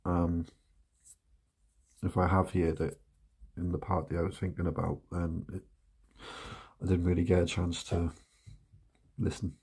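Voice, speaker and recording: A man's voice: low voice, flat delivery, unhurried, pauses often, darkish tone, breathy edge. A British man hosting a reaction channel, chatting casually with lots of ums and frequent laughter.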